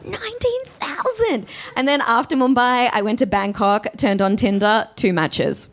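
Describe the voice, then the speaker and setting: A young adult woman with an Australian accent doing a chatty, animated stand-up comedy set on a stage. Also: medium pitch, moderate pace. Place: comedy stage before a live audience.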